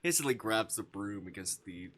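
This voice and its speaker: A man's voice: fairly low pitch, animated, brisk, a bit bright, slight background noise. A man live-streaming a visual novel, narrating and reacting to chat with joking asides.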